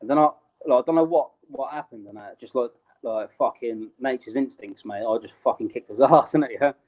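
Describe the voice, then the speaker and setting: A man's voice: medium pitch, a little fast, darkish tone. Slangy British man telling a story. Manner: slangy, streetwise, laughs while telling. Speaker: interview guest. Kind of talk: casual storytelling.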